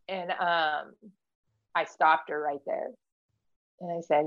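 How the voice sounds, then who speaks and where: A woman's voice: lowish voice, normal speed, lo-fi sound. A woman guest in a casual interview, speaking candidly and earnestly, with frequent fillers and restarts. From United States. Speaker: podcast guest, Marine veteran.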